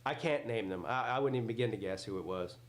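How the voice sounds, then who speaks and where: This man's voice is lowish and fast, heard in an echoey room. He runs a live football reaction stream, loud and joking, cursing freely and answering his chat in casual commentary.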